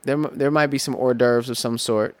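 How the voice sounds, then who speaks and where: A man co-hosting a podcast, talking in casual, animated chat and building hypotheticals with free swearing. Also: medium pitch, a little fast, no echo. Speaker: podcast co-host.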